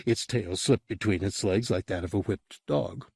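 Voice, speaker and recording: A man reading a horror audiobook as narrator, in an expressive storytelling manner. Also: deep voice, moderate pace, creaky, slightly rough, no echo, studio quality. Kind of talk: scripted narration.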